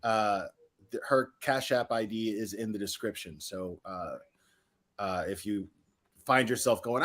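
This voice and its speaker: A man's voice: fairly low pitch, normal speed. A man hosting a casual livestream, commenting mockingly, laughing often and swearing freely. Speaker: host.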